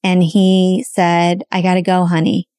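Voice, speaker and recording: A woman's voice: on the low side, completely flat delivery, unhurried, mellow, clear, resonant tone, no room sound, studio quality. A woman co-hosting a podcast, telling a personal story openly and emotionally, swearing casually. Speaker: podcast co-host.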